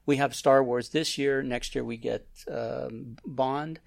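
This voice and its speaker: A man's voice: medium pitch, fairly even intonation, slow pace, creaky, darkish tone. A man hosting a casual film chat, rambling and restarting his sentences. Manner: rambling, self-interrupting.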